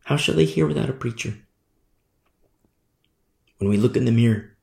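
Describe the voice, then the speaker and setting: A man preaching a sermon with fervent emphasis, swinging between loud declarations and hushed asides. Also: mid-range voice, normal speed, creaky. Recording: echoey room.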